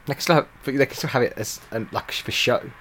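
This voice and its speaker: A man's voice: medium pitch, brisk, fairly bright tone. A man chatting casually on a podcast, answering with dry, matter-of-fact quips. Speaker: podcast co-host. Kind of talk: casual comedic chat.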